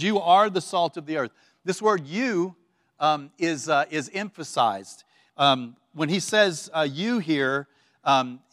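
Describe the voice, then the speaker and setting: A pastor gives a conversational sermon in a church sanctuary, casual and full of fillers and restarts, guiding the room through call-and-response. His voice is fairly high and a bit bright, recorded at studio quality with no echo despite the large hall.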